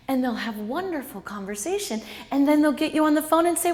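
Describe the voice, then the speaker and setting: A woman's voice: sits high, expressive, brisk, hardly any pauses, a little mellow, long reverb tail. A woman author giving an interactive talk to a live audience, quizzing the listeners and repeating their answers back. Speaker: author and speaker.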